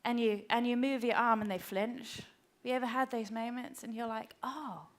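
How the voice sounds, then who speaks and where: A woman preaching a church sermon, conversational and earnest, often acting out quoted voices and sometimes dropping to a hushed tone. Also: a little high, little pitch movement, a little fast.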